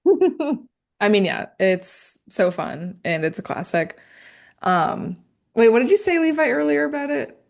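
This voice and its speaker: A woman's voice: a little high, sing-song, unhurried, vocal fry. A woman co-hosting a casual podcast, rambling with lots of fillers and laughing easily. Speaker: podcast co-host. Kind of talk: casual chat.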